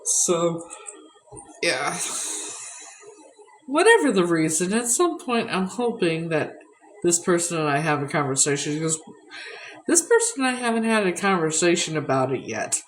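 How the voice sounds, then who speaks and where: A woman's voice: fairly low pitch, big pitch swings, moderate pace, pauses often, a little hiss or hum, low-quality recording. A woman chatting candidly on a livestream from her home, blunt, rambling and swearing freely. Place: at home indoors.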